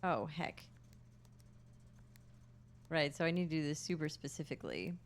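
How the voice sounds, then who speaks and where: A woman's voice: low voice, expressive, moderate pace, a little hiss or hum. A woman streaming a video game, chatting casually and reacting aloud to what happens and to her chat. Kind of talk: casual gameplay commentary.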